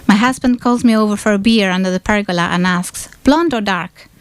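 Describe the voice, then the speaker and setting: A woman reading a novel excerpt aloud at a bookshop event, in a measured, deliberate first-person delivery. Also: medium pitch, smooth, dry recording.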